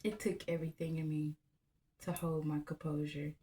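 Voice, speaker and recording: A woman, telling a personal story in a blunt, profane, animated way. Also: low voice, moderate pace. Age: 30s. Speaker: vlogger. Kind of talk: candid storytelling to camera.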